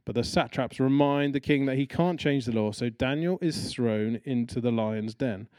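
At a normal speed, this preacher talks through his sermon casually, putting on voices for the characters as he tells the tale with lively, acted-out quotes. His voice is warm and mellow, pitched right in the middle, and the sound is close and dry without any echo.

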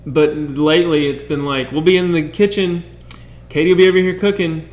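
A man's voice: on the high side, fairly even intonation, a little fast, roomy sound. A man co-hosting a casual talk about parenting with his wife, rambling with many restarts and quoted asides. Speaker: podcast co-host. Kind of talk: casual chat.

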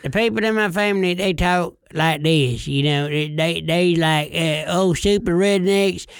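A man putting on a high, gravelly old Arkansas redneck. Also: measured pace, dry recording, studio quality. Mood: folksy. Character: old rowdy male Arkansas redneck relative.

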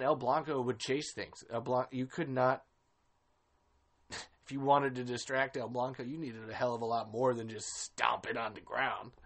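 A man hosting a casual film commentary podcast, ranting with exasperation and swearing freely. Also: mid-range voice. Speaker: podcast host.

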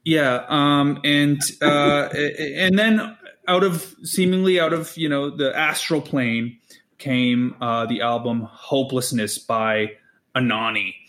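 A man's voice: fairly high pitch, steady tone, slow, a bit bright. A man co-hosting a casual music podcast, talking in a rambling way with many ums and restarts. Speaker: podcast co-host.

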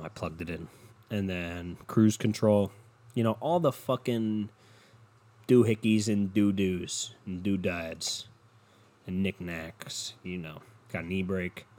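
A man hosting a solo podcast, rambling in a profane, deadpan way and sounding tired. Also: deep voice. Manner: profane, meandering and deadpan, with frequent swearing. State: tired and yawning. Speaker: podcast host.

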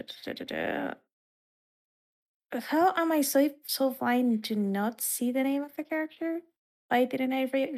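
Chatty, rambling woman podcast host. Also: high-pitched. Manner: rambling, chatty, with frequent fillers and laughs. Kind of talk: casual chat.

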